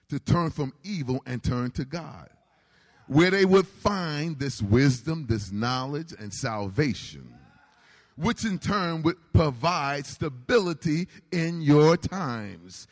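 A man preaching a sermon in a call-and-response style, building to shouts. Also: fairly high pitch, lively intonation, slow. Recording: reverberant hall.

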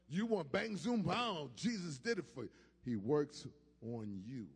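Male preacher, high husky voice, rising to shouts, long church-hall reverb. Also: lively intonation, unhurried. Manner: call-and-response, builds from quiet to shouting. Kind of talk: sermon.

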